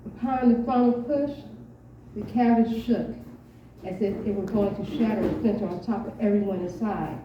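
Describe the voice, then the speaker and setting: A woman at an open mic, reading her own short story aloud in a measured storytelling voice, with hesitant asides between pieces. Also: mid-range voice, a little hiss or hum. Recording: echoey dull room from far off.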